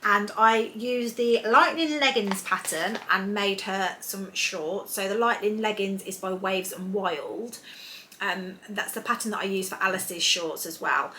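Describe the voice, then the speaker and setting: A woman's voice: medium pitch, a little slow, slight background noise. A woman chatting casually on her sewing vlog, rambling along with lots of ums and restarts. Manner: rambling, warm-hearted, many ums and restarts. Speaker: sewing vlogger.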